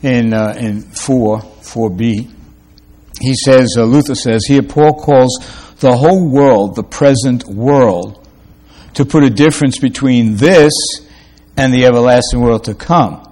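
A man's voice: medium pitch, dark tone. Man preaching an emphatic sermon. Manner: preaching with rising emphatic peaks and rhetorical questions; quick asides between slow, stressed phrases. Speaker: pastor.

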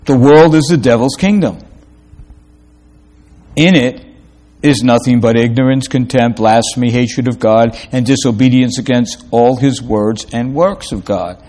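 A male pastor delivers a sermon at a mid-range pitch. He leans on rhetorical questions and climbs to forceful emphasis, and he slows for his stressed phrases but hurries through the asides. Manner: preaching with rising emphatic peaks and rhetorical questions; quick asides between slow, stressed phrases.

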